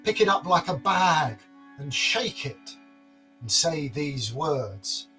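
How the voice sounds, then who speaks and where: Man doing a commanding young woman, firm instructions, fairly high voice, slow. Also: expressive, pushed and bright, faint music behind, heavily acted. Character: young woman, calm and commanding giant's daughter.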